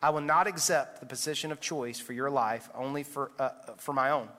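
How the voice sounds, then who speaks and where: A man's voice: mid-range voice, brisk, sharp tone, close to an everyday voice. A man reading a fable aloud, voicing a desperate traveler on a bridge with raised, urgent pleading. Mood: firm. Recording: echoey church hall.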